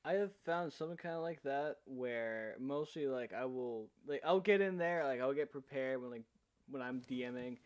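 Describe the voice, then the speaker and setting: A man's voice: medium pitch, normal speed, clean tone. A man hosting a casual podcast, talking in a meandering way with many fillers. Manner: meandering, hesitant, heavy on fillers. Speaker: podcast host and game master. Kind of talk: casual chat.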